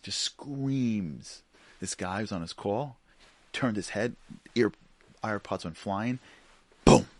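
A middle-aged man giving a sermon as a Jewish teacher, telling a story in an animated way and acting out the voices. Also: lowish voice, measured pace, long pauses, no echo.

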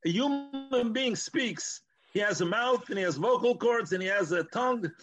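Guy with a high voice giving a torah class, lots of hebrew and yiddish words, kinda muffled lo-fi sound. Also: moderate pace, fairly bright tone, soft background music. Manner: explains with Hebrew and Yiddish terms, frequent restarts. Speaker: Torah teacher.

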